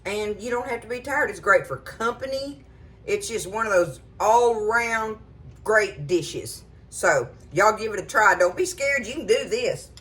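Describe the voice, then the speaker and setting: A woman's voice: mid-range voice, lively intonation, unhurried, a bit bright. A middle-aged woman, chatting casually to viewers about cooking in her home kitchen. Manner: folksy and chatty, addresses viewers as y'all. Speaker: cooking show host.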